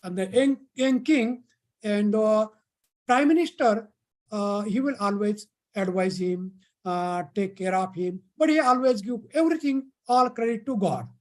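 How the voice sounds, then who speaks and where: A storyteller relating an old folk tale to a camp of young listeners. The telling is halting, full of pauses and restarts, at a middling pitch. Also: a little mellow. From India.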